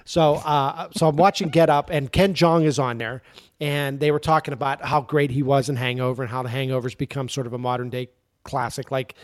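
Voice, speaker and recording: A man chatting as a podcast guest, telling an anecdote in an animated, laughing way. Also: medium pitch, no echo, studio quality. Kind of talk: casual chat, telling an anecdote.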